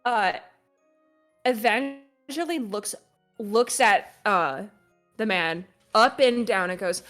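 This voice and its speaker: A woman's voice: mid-range voice, slow, a bit bright, soft background music. A woman player in a tabletop game, narrating her character's actions casually, with fillers.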